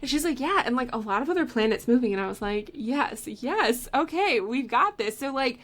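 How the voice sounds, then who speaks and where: A young woman with a voice pitched a little high co-hosts a podcast in casual chat. She tells lively stories, slips into quoted voices and laughs often. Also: brisk. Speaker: podcast co-host.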